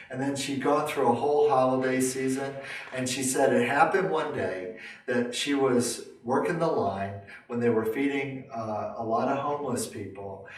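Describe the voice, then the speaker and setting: A man lecturing to a class, telling a long story in a rambling way, with many fillers and restarts. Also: medium pitch. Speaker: lecturer and teacher. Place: lecture room. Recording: roomy, distant room mic.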